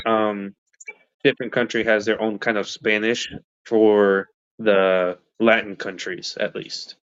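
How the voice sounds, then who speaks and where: A man in a casual chat, talking shyly and hesitantly with many pauses and fillers. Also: fairly low pitch, no echo, lo-fi sound. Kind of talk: casual language-exchange chat.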